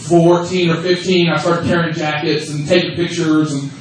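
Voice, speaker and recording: A man in his thirties spins profane, lively stories at a fan panel, laughing often, his voice sitting somewhat high for a man. He is heard from a distance through a phone in the audience. The sound rings with heavy room echo, and faint ambient noise sits beneath it. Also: moderate pace. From United States. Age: 30s. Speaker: wrestling promotion creative head on a fan panel. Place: convention room at a fan event. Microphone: phone held in the audience.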